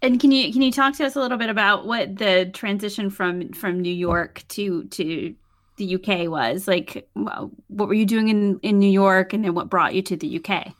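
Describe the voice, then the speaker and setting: A woman's voice: mid-range voice, moderate pace. A woman podcast host asking the guest conversational follow-up questions. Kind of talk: interview questions.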